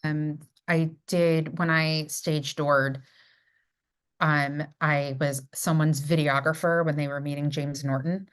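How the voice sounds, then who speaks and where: New York woman, low voice, chatty podcast guest full of stories. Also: slow pace, clean tone. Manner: chatty, animated storytelling with frequent fillers. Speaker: guest, theatre director. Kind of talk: casual podcast chat.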